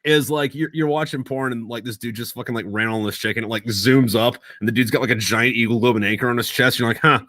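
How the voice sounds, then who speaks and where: A man talks in loose, rambling podcast chat, swearing freely and laughing at his own jokes. His voice is bright and sharp, recorded close and dry. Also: mid-range voice, steady tone, quick pace, few pauses, no echo. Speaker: podcast guest. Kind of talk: casual chat.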